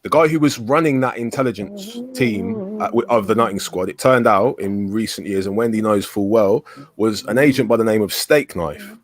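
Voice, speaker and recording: A man's voice: lowish voice, animated, normal speed. A man hosting a heated live online panel, pressing his questions and often repeating and restarting his sentences. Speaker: panel host.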